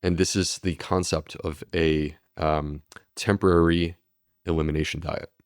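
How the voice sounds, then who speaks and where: A man's voice: sits low, level tone, a little slow, no room sound, clean studio sound. A man, a medical doctor, explaining steadily and earnestly in a podcast interview. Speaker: gastroenterologist guest.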